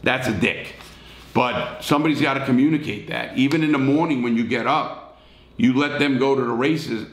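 A middle-aged man with a New York accent, bluntly judging viewer stories in a profane, animated casual retelling. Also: mid-range voice, moderate pace, reverberant, a little hiss or hum. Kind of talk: casual storytelling commentary.

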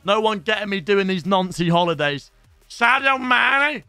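Young male streamer, high bright voice, excitable sweary banter. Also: a little fast, clear, resonant tone, no echo, soft background music. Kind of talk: casual live-stream pack-opening commentary. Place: home streaming setup.

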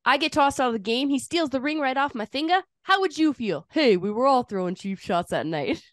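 A woman's voice: high voice, expressive, brisk, no room sound, clean studio sound, voice pushed up. A woman doing an impression of a brash young male college hockey player with a put-on Boston accent, tough and defiant. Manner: tough, defiant, goes hard.

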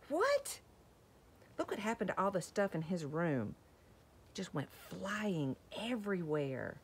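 A woman reading a picture book to young children, gentle and slow, asking questions about the pictures. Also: lowish voice. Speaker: children's story time reader.

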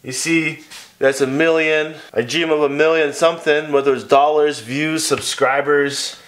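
A man's voice: a little high, fairly even intonation, a little slow, a bit bright. A man hosting a casual video Q&A, talking in a loose, playful, chatty way. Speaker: vlogger giving hair advice. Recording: guitar music playing behind.

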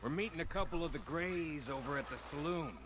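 A man playing a blunt, gruff outlaw gang member. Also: on the high side, a little fast, noisy background, close to an everyday voice. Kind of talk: video game cutscene dialogue. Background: game music.

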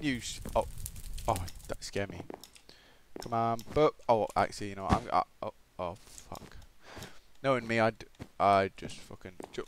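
An excitable Australian man giving gameplay commentary, swearing and swinging between shouted outbursts and low muttering. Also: a little slow, clean tone. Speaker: gaming commentator.

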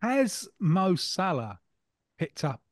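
A man co-hosting a football podcast tells anecdotes in a slightly high voice. The sound is dry and close, with no room around him. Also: big pitch swings, takes it slowly, dry recording. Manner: anecdotal storyteller, fond of impressions. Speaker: co-host, football pundit. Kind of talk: casual podcast chat.

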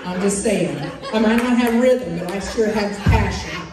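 A woman preacher telling stories from her life in a lively, humorous sermon. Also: mid-range voice, normal speed, music in the background, a crowd in the background. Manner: lively, humorous, animated storyteller. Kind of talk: sermon with personal storytelling. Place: church or conference hall. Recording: echoey hall from far off.

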